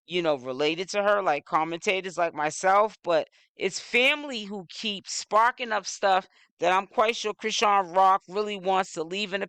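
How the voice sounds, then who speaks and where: Bright, clear-voiced man commenting. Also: sits high, no room sound. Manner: rambling, leans on "you know". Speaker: social media news commentator. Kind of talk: casual commentary.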